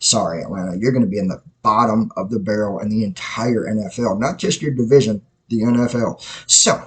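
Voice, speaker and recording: A man's voice: lowish voice, brisk, fairly bright tone, low-quality recording. A man hosting his own self-produced podcast, giving blunt, opinionated sports takes in a rambling, casual way with frequent self-corrections. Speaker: podcast host. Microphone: self-produced podcast mic.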